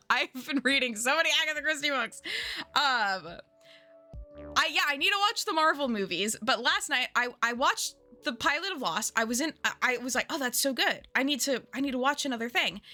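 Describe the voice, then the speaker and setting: A woman's voice: high-pitched, sharp tone. A young adult woman chatting casually with her stream viewers in a bubbly, rambling way, often laughing and restarting her sentences. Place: home streaming setup. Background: faint game music.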